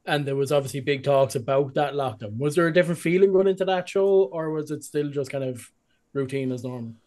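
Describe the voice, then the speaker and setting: Rambling podcast host, slightly high voice. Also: male voice, a little fast, a little mellow. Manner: loose, rambling questions with many fillers. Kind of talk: interview questions.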